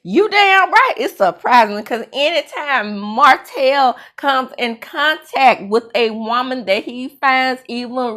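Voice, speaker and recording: Slow-talking sassy woman recapping reality TV. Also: fairly bright tone. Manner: sassy, blunt, drawling with sudden high exclamations. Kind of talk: casual reality show recap commentary.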